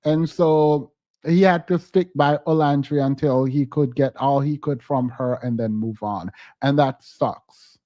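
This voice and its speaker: A man's voice: mid-range voice, fairly even intonation, measured pace, dark tone, no room sound, lo-fi sound. A man hosting a podcast, giving casual, emphatic reality-TV commentary and laughing often. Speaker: podcast host.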